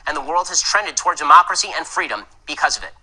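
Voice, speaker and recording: A man's voice: a little high, animated, crowd noise, rough recording. A man in a played clip, a political commentator with confident, combative debate talk. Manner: confident, combative, fast-talking. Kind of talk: rapid-fire debate talk.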